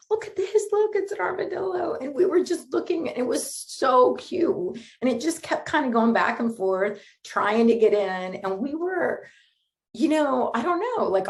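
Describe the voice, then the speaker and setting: A woman's voice: medium pitch, a little mellow. Chatty woman minister, storytelling sermon. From Florida. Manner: chatty storytelling with frequent laughs and fillers. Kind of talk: conversational sermon. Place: Sunday spiritual gathering streamed online.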